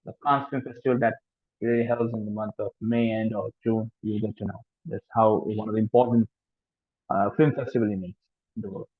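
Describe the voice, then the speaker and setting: A man's voice: lowish voice, fairly even intonation, moderate pace, slightly rough, no echo. A man with an Indian English accent gives an informal lecture as a French language teacher, hesitant, with many fillers and restarts. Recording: tinny phone-like sound, dry.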